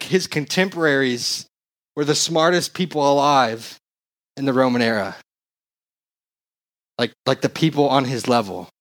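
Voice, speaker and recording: A young adult man, a pastor, preaching a casual, slangy sermon into a handheld mic and growing more excited as he goes. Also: medium pitch.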